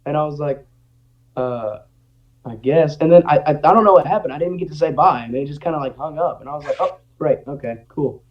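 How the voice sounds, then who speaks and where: A man's voice: fairly high pitch, quick pace. A young man telling a personal story in casual chat, acting out what people said. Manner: animated, acts out quotes. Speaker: guest. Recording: dull lo-fi audio.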